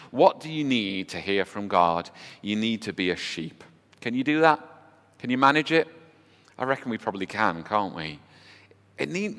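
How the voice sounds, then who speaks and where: A man's voice: mid-range voice, fairly bright tone. A man preaching a sermon, talking in a conversational way and asking the congregation rhetorical questions. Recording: long hall reverb with faint music.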